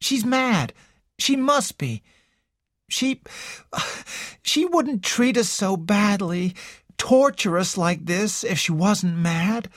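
An audiobook reader voicing a worn-down young woman who pleads in an emotional, hopeless way, pitched well above the reader's own voice. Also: animated, slow, dry recording, clean studio sound. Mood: desperate.

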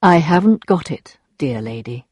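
Lady reading as a cool calm ex-lover guy, slow and measured, storybook. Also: lowish voice, no room sound, studio quality. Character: smooth, calm male former lover.

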